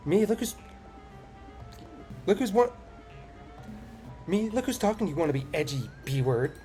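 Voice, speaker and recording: A man voicing a bratty, snappy teenage schoolgirl in a game reading, with mocking, sharp retorts. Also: high-pitched, sing-song, measured pace, faint music behind, voice pushed up.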